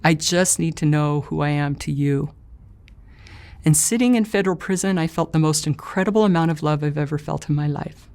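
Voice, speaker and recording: A middle-aged woman recounts her own story in an earnest, emotional way. Her voice sits a little low for a woman. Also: fairly quick, a little mellow. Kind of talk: personal testimony.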